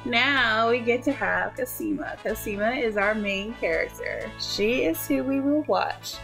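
Chatty woman playing a life sim, talks slow, higher voice, lots of "like". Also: gravelly, a bit bright, faint music behind, rough recording. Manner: chatty, drawn-out, full of "like" and giggles. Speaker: gaming youtuber. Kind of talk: casual gameplay commentary.

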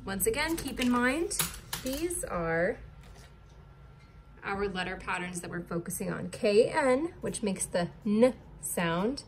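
A woman teacher walks a class through a recorded distance-learning lesson at an unhurried pace. She spells words out letter by letter in a patient way, at a middle pitch, with a faint hiss behind her voice. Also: expressive.

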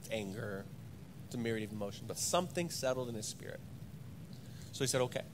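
A young adult pastor giving a sermon in church, moving between loud, emphatic preaching and quiet, halting personal stories. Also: male voice, mid-range voice, a little hiss or hum. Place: church sanctuary.

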